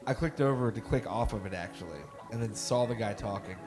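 A man's voice: on the low side, fairly quick, over music. A man co-hosting a podcast in casual chat, telling a rambling story and laughing often. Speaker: podcast co-host.

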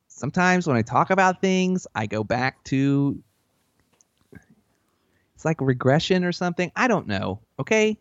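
A man's voice: a little high, sing-song, unhurried, pauses often, no echo. A man with a Southern accent, giving boastful, rambling comedic advice that keeps drifting off track. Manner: boastful, rambling, easily sidetracked. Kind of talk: comedy podcast bit. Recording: dull lo-fi recording.

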